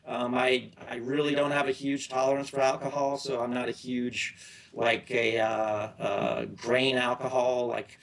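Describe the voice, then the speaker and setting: A middle-aged man talks as a guest in a relaxed interview, drifting from one story to the next. He trips over his own sentences and starts them again, keeping an easygoing conversational flow. His voice sits at an ordinary pitch for a man. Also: unhurried, poor audio. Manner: rambling, loose storytelling with many restarts. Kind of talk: casual interview chat.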